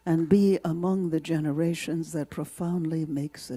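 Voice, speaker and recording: A man giving an inspirational talk, slow and dramatic, sometimes dropping to a whisper. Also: on the high side, steady tone, mellow, husky. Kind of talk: inspirational speech.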